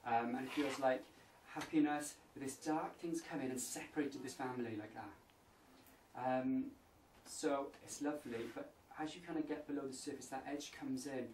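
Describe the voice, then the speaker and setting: A man's voice: medium pitch, steady tone, normal speed, darkish tone. Hesitant man in an echoey room. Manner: hesitant, searching, many fillers. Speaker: medium. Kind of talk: describing psychic impressions on location. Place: indoors at an old inn. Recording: echoey room, distant mic, faint noise.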